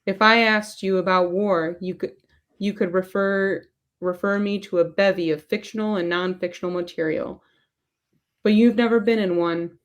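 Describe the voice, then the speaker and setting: A woman's voice: medium pitch, fairly even intonation, normal speed, natural voice. A woman voicing a middle-aged male therapist, reading a long monologue off her phone and stumbling on a few words. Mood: earnest.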